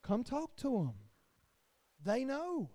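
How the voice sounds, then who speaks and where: A man, a pastor, preaching a sermon to his congregation with his voice rising and falling in loudness. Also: extremely high pitch, big pitch swings, slow pace, no room sound.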